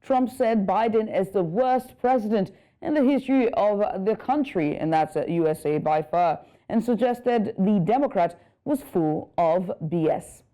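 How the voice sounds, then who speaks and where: Mellow-voiced woman news anchor. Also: mid-range voice, unhurried, hardly any pauses. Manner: steady reading with small slips and fillers. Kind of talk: scripted news reading.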